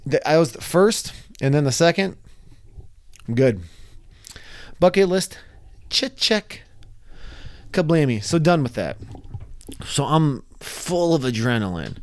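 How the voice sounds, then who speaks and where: Young man, slightly high voice, animated storyteller, casual vlog. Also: unhurried, long pauses. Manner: animated, acts out his own screams and quotes. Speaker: vlogger telling a personal story.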